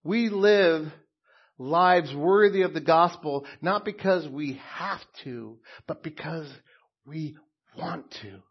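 Slow, husky-voiced man preaching a sermon. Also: on the high side, highs cut off. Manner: slow, emphatic preaching with soft, hushed stretches. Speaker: pastor.

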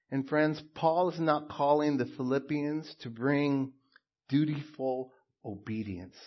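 A middle-aged man preaching a sermon as a pastor, slow and emphatic, dropping to hushed tones at times. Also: fairly high pitch, muffled recording.

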